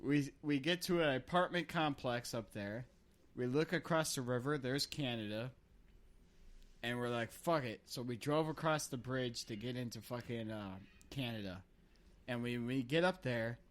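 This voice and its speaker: A man's voice: mid-range voice, moderate pace. A young man tells a long, loose story to his friends on a podcast. He swears freely and laughs along with his own tale, in an easygoing, chatty way. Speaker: podcast host. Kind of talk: casual storytelling.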